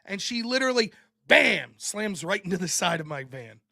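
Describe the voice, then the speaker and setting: Podcast host, male, high-pitched and bright, chatty animated storyteller. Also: moderate pace, gravelly. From United States. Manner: animated storyteller, acts out quoted people with loud bursts, laughs often. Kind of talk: casual storytelling monologue.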